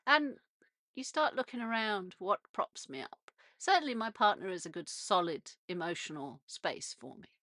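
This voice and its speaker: Speaking British English at a normal speed, this radio show host talks from a canal narrowboat in a chatty, wandering monologue full of restarts and small laughs. Her medium-pitched voice is expressive, pushed and bright, and the studio-quality recording is dry.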